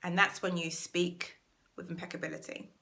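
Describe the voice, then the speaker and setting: A woman's voice: on the low side, level tone, moderate pace, vocal fry, pushed and bright. A British woman hosting a self-help channel, giving an earnest motivational talk to camera and stressing key words by repeating them.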